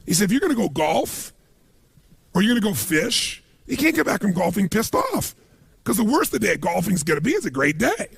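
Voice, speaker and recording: A middle-aged man speaks in a high, gravelly voice with a raspy, husky edge. He gives a motivational seminar talk, telling stories with lots of animation. The sound is close and dry. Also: brisk, dry recording. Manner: animated storytelling, acts out quoted voices.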